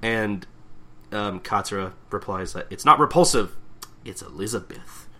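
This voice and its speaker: Give me a young man with a lowish, forceful voice, chatting loosely as a podcast co-host. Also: a little slow. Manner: rambling, self-interrupting, acts out characters' lines. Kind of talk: casual chat recapping manga chapters.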